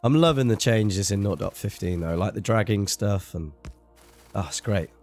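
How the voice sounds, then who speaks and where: A man's voice: lowish voice, lively intonation, normal speed, a little mellow, soft background music. A man chatting casually and rambling with self-deprecating remarks while streaming a video game. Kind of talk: casual live-stream commentary.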